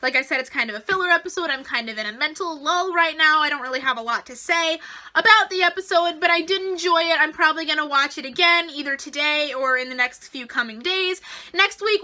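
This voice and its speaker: A woman reviewing a TV episode in a casual vlog, gushing and emotional, rambling excitedly. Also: extremely high pitch, brisk.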